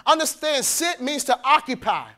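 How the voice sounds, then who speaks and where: A male pastor preaching an animated, colloquial sermon, acting out the voices he quotes and laughing between points. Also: very high-pitched, moderate pace. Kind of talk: sermon at a men's conference.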